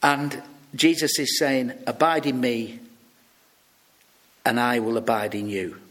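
Speaking slowly at a medium pitch, a British man gives a sermon full of stories. His delivery is lively, and he acts out each person he quotes.

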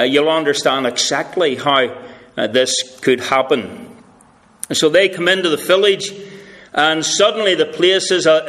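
Conversational male preacher with a fairly high voice. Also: a bit bright. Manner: conversational, with many fillers, drifts in pitch for emphasis. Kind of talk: sermon, expository Bible teaching.

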